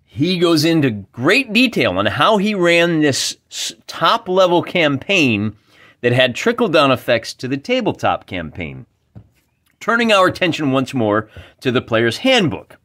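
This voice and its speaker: A man's voice: a little high, big pitch swings, a little slow, fairly bright tone. A man hosting a wargaming video, talking casually and enthusiastically while reading rules aloud. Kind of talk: casual explanatory talk.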